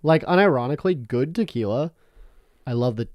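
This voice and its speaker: Young man from Canada, podcast co-host, loose rambling chat, medium pitch, dry close mic. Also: a little fast, darkish tone, no echo. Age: young adult. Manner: rambling, laughs often, swears casually. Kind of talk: casual chat.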